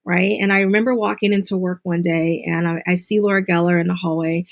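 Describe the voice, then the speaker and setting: A middle-aged woman as an interview guest, earnestly telling a personal story and mimicking others in high voices. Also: steady tone, brisk. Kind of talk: interview conversation.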